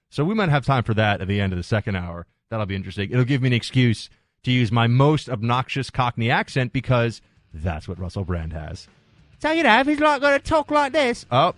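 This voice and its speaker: A male radio host talking through calls and upcoming segments, with joking asides and quick restarts. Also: medium pitch, dry recording. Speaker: radio talk show host. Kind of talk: talk radio monologue and call-in chat. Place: radio studio. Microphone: close studio mic.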